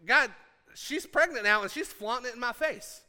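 A man voicing a furious, jealous woman who rants and complains in a shrill voice. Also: moderate pace, sharp tone, exaggerated voice. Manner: ranting, complaining.

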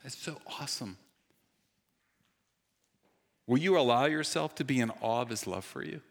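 A man preaching and praying in an earnest, unhurried way. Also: medium pitch, creaky. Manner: earnest, slow and pausing. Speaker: pastor. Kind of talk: sermon with prayer.

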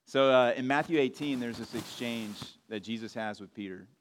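Guy giving a sermon, chatty and loose, restarts a lot, mid pitch. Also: normal speed, a little hiss or hum. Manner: conversational preaching with restarts and asides. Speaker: pastor.

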